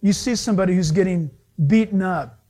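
A male pastor preaching a sermon, animated, acting out little dialogues as he goes. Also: sits high, brisk.

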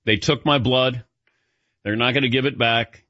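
A sports radio host chatting casually, telling a self-deprecating story in an animated way while feeling lightheaded. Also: male voice, medium pitch, moderate pace, no room sound, highs cut off.

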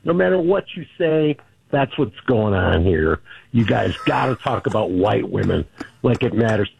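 A man's voice: on the low side, animated, normal speed, vocal fry, a little mellow, breathy edge. A man calling in to a radio show and arguing with the host. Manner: argumentative. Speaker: caller. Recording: dull lo-fi line.

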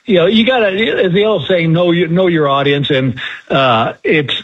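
A folksy older man spins stories as an interview guest, doing little voices for the people he quotes. His voice sits a bit high with a husky edge. It comes through a dull, lo-fi line. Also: normal speed. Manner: folksy storyteller, acts out quotes. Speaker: comedian guest. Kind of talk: casual storytelling interview. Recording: muffled lo-fi phone-like audio.

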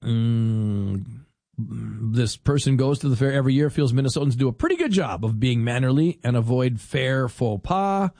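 A man's voice: medium pitch, big pitch swings, normal speed, mellow, no echo, studio quality. A middle-aged man, hosting a casual talk show and telling wry stories with acted-out bits. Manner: chatty, wry, acts out little scenes in put-on voices. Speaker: radio host.

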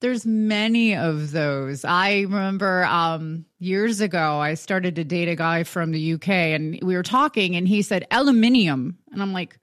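A woman's voice: fairly low pitch, measured pace, hardly any pauses, fairly bright tone, dry recording, clean studio sound. A woman from Buffalo with its accent, co-hosting a show in casual, chatty talk and laughing often. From Buffalo, New York. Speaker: radio show co-host. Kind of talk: casual chat.

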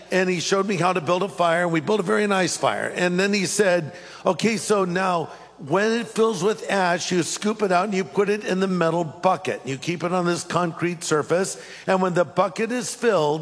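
High-voiced pastor in a reverberant hall. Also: male voice. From California. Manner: animated storytelling, reads scripture slowly. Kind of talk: sermon with personal story.

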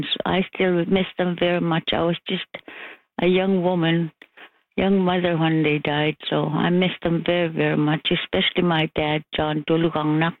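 A woman's voice: lowish voice, no echo. An older woman phoning in to a radio show, sending emotional, rambling greetings to her family. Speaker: caller. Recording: tinny phone line.

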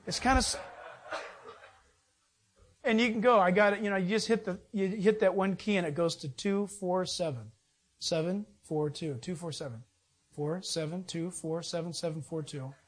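A man's voice: sits high, normal speed. A man preaching a sermon from the pulpit. He speaks emphatically and conversationally, firing rhetorical questions at his listeners and slipping into joking asides. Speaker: pastor.

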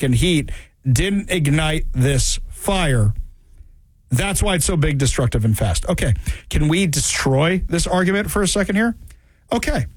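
A man hosting political talk radio, sarcastic and animated, repeating phrases for emphasis. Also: on the high side, breathy edge, no echo.

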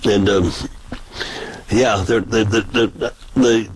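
A man's voice: fairly low pitch, fairly even intonation, very slow, a little hiss or hum, poor audio. An older man, a street preacher, telling folksy stories in casual chat with many restarts. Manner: folksy, rambling with repeated restarts. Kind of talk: casual storytelling.

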